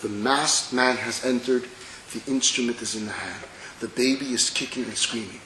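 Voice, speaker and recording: A man, a rabbi, gives a religious lecture with dramatic storytelling, sometimes dropping to soft, intimate tones. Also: mid-range voice, moderate pace, slight background noise. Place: lecture hall with an audience. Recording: echoey lecture hall.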